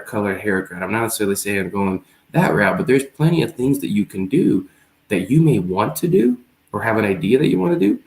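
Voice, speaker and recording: Earnest low-voiced man in a roomy echo. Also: a little mellow. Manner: earnest, reflective storytelling. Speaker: show host. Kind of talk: casual discussion.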